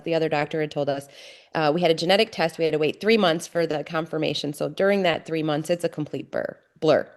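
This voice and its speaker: A middle-aged woman, a podcast guest, telling her family story candidly in an earnest, halting way with many restarts. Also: lowish voice, a little mellow.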